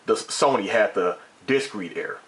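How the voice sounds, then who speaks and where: A man's voice: lowish voice, normal speed, fairly bright tone. A man vlogging a casual opinion rant about gaming, emphatic and repetitive, with mild swearing and frequent restarts.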